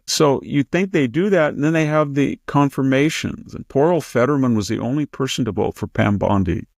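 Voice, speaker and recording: A man's voice: mid-range voice, normal speed, gravelly, hardly any pauses, darkish tone, dry recording, clean studio sound. An American man in his seventies, a historian hosting a political talk show, speaking emphatically and mocking others with raised quoted voices. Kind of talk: political commentary conversation.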